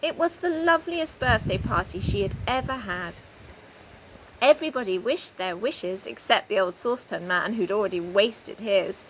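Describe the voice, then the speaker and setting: Animated woman reading a storybook. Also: medium pitch, moderate pace, slight background noise, low-quality recording. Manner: expressive, animated. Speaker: reader.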